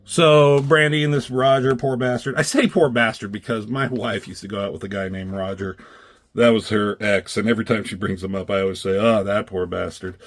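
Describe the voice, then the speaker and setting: A man's voice: lowish voice, fairly even intonation, brisk, slight background noise. A man reviewing comic strips in a casual, rambling chat, swearing freely and acting out characters' lines in raised voices.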